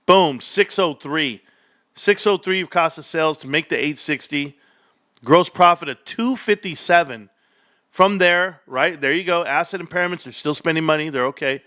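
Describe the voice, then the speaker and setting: Male livestream host, fairly high-pitched, exclamatory and excitable, talks straight to viewers. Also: normal speed. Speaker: stock streamer.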